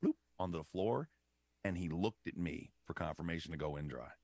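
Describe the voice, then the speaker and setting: A man's voice: deep voice, brisk, a little mellow, a little hiss or hum. A young man telling a profane story in a casual podcast chat.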